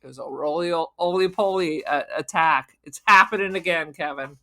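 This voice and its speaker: A woman's voice: low voice, moderate pace, pushed and bright. A woman co-hosting a podcast, spinning absurd joking tangents and laughing. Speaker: podcast co-host. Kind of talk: casual movie chat.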